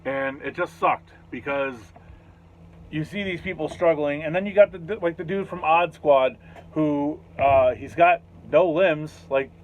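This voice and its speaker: A man casually recapping a festival in a rambling, profane, excitable way. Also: on the high side. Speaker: vlogger reviewing a festival. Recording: slightly dull lo-fi audio with faint noise.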